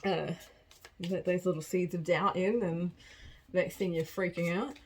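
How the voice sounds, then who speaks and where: A woman's voice: lowish voice, fairly even intonation, measured pace, darkish tone, slightly rough, poor audio. A woman giving a casual collective tarot reading, chatty and rambling, often laughing at herself. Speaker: tarot card reader.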